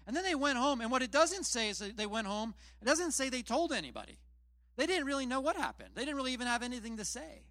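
A man's voice: very high voice, very animated, fast talker, sharp tone, no room sound. A man preaching a casual sermon, retelling scripture in plain, chatty storytelling with self-deprecating asides. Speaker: pastor.

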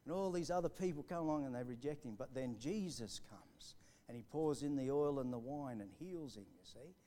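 A man preaching a sermon live in church, building to fervent emphasis and then dropping to a hushed storytelling voice. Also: medium pitch, normal speed. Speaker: pastor. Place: church hall, recorded live.

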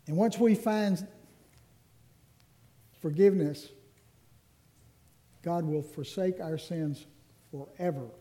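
Earnest high-voiced male preacher. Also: dark tone. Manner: earnest, slows down on key phrases. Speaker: minister. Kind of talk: Ash Wednesday sermon.

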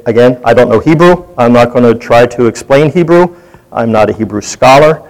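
A man's voice: mid-range voice, expressive, fairly quick, a little mellow, rough recording. A man leading a Bible study, teaching in a conversational way and putting questions to his group.

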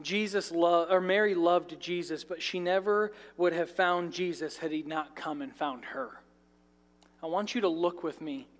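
A man's voice: a little high, steady tone, a little slow. A male pastor preaching a sermon in a church sanctuary, conversational with light asides and jokes. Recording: reverberant large church hall.

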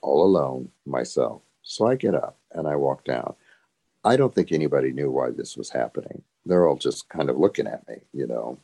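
Very deep-voiced older man telling stories. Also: lively intonation, normal speed, creaky, dark tone, slightly rough. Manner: reflective, chuckling, frequent "you know". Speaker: former show dancer. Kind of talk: storytelling in an interview.

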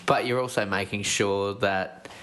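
A man's voice: on the low side, fairly even intonation, a little slow, a bit bright. A man, co-hosting a casual sports chat podcast, thoughtful and a little hesitant. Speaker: podcast co-host.

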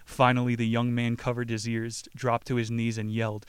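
A man's voice: medium pitch, level tone, normal speed, hardly any pauses, clear, resonant tone, no room sound. A man hosting a podcast, retelling a book casually with swearing, jokes and frequent laughs. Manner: profane, joking, laughs often. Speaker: podcast host. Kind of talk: casual book-summary talk.

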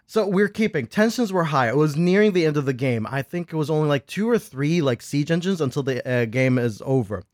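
Excitable man telling a game story. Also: a little high, fairly quick, few pauses, no room sound, clean studio sound. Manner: lively, laughs while telling, acts out his own quotes. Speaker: podcast guest host. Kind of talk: animated storytelling.

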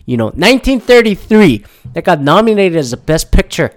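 Lively, profane male podcast host. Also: high-pitched, fairly quick. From Canada. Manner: profane, rambling, wry. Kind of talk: casual solo podcast movie talk.

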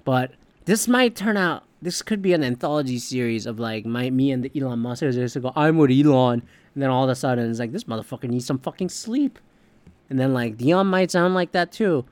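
A man's voice: medium pitch, animated, fairly quick, darkish tone, no room sound. A man hosting a podcast, delivering a heated, profane, opinionated sports rant in casual talk. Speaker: podcast host.

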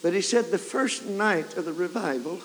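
A man preaching a revival sermon, telling a story and building to fervent shouts. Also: high voice, moderate pace. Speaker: evangelist preacher. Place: large camp meeting hall or tabernacle. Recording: 1990s camp meeting tape, hall reverb, faint hiss.

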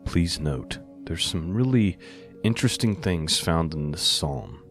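Deep-voiced man preaching. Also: animated, music in the background. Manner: reads scripture slowly, then explains in plain talk; earnest, with frequent self-corrections and rhetorical "right?". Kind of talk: sermon with scripture reading.

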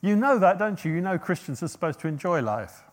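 A man delivers a sermon in a fairly high voice. He swings between loud, emphatic quotations and hushed asides to the congregation. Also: sing-song, a little fast. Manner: emphatic, rising to loud quoted passages, dropping to quiet asides. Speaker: preacher.

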